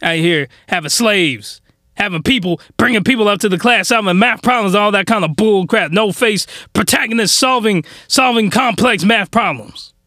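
A young man recapping an anime comedically, slangy and animated with mock outrage. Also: sits high, normal speed, dry recording, clean studio sound. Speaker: anime reviewer.

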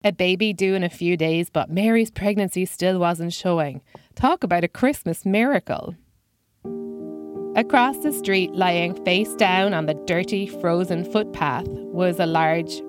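A woman telling a scripted personal story with dry, self-mocking humor. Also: lowish voice.

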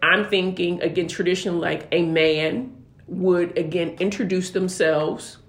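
A woman co-hosting a casual talk show, explaining her points in a measured, careful way and adding disclaimers. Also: fairly low pitch, fairly even intonation. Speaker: podcast co-host. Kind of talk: casual chat. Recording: roomy echo.

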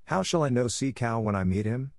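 An eager, persistent young white seal, voiced by a man reading the story aloud. He talks in a raised, excited voice, pitched well above the reader's natural tone. The recording is dry and close, with no room sound. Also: fairly quick, vocal fry, dry recording. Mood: curious.

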